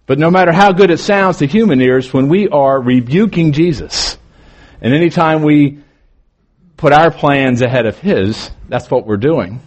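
Man preaching a sermon, by turns emphatic and hushed. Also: a little high, moderate pace. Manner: preaching, shifting between emphatic and quiet. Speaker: pastor.

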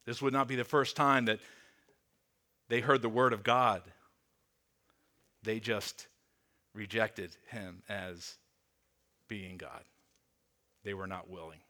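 Bright-voiced man preaching earnestly. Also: on the low side, steady tone. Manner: earnest, slows and drops softly on key words; repeats words while restarting. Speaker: pastor. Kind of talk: sermon.

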